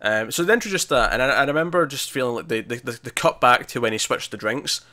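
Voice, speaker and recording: A man's voice: mid-range voice, fast talker, sharp tone. A man co-hosting a casual movie discussion, chatty, laughing often and restarting his sentences. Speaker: podcast co-host.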